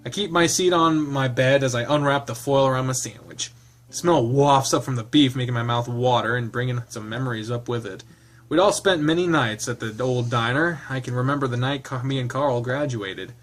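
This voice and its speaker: A man's voice: medium pitch, a little fast. Chatty man reading a game aloud. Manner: chatty, laughing, lots of fillers. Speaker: game streamer. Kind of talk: reading a visual novel aloud with casual commentary.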